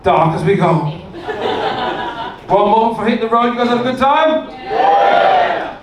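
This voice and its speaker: A man doing a stand-up comedy set, telling stories deadpan with punchlines on a club stage. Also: very high-pitched, normal speed, a crowd in the background. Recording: echoey club, distant mic, room noise.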